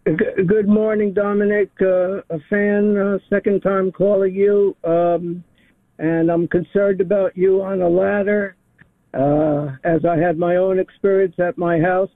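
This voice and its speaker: A man's voice: sits high, level tone, a little slow, no echo. A man in his seventies calling into a radio show, speaking hesitantly with many fillers. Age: 70s. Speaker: caller. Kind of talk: phoned-in call to radio show. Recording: tinny phone line.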